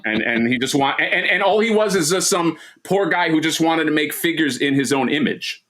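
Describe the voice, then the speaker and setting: A man's voice: a little high, lively intonation, moderate pace, a crowd in the background. A man co-hosting a casual livestream chat, rambling and joking with lots of restarts and fillers. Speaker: co-host.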